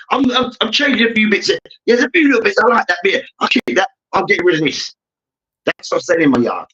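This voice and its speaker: Ranting young man, high bright voice. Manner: ranting, profane, repeats "hear me now". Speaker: debate show host. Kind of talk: heated sports debate. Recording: dull lo-fi recording.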